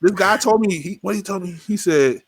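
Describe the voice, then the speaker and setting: A man's voice: high voice, fairly quick, a little hiss or hum. A man in casual podcast chat, joking bluntly and repeating his punchlines.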